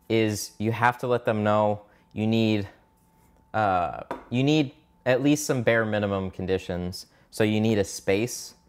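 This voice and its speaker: A man who does mobile window tinting, chatting casually and swearing a bit on a live stream while he works and hunts for his tools. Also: on the low side. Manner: casual, profane, chatty, distracted while working. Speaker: mobile window tint installer.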